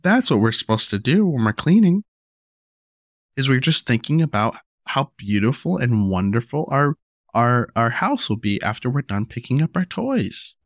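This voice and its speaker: A young man talking casually about raising his daughter, rambling and restarting, repeating "you know" and "right?", and going higher when he acts out what he tells her. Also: big pitch swings, moderate pace, dry recording, clean studio sound. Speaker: father sharing parenting advice. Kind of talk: casual monologue to camera.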